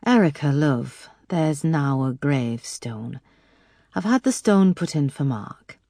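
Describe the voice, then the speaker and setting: A woman voicing an older Yorkshire father, kind and a bit gruff, speaking gently and consolingly in an audiobook. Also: deep voice, animated, slow pace, dry recording, studio quality, full character voice.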